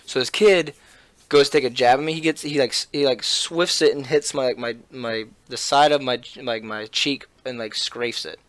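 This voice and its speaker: A man's voice: mid-range voice, normal speed, no room sound. A young man telling a school fight story on a casual podcast, full of swearing, fillers and restarts. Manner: animated, profane, with many fillers and restarts. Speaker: podcast host.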